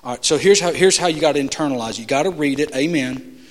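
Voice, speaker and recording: Male preacher, high voice, storytelling sermon, loud peaks and hushed drops, long hall reverb. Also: fast. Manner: builds to loud emphatic peaks, then drops low and quiet. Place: church sanctuary.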